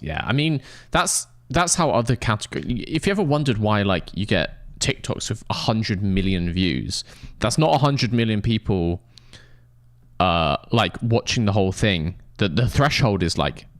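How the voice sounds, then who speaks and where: A young Englishman with a lowish voice rambles to his stream chat in sweary, mock-outraged banter. His pitch swings widely as he riffs, and the sound is dry and close with no room around it. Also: sing-song, normal speed, dry recording. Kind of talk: casual live-stream chat to viewers.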